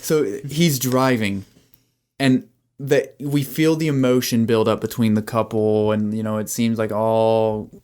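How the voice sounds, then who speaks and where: A man co-hosting a podcast in casual chat, pitching a story and acting out its scenes. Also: a little slow, clean tone. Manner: animated storyteller who acts out scenes. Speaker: podcast co-host.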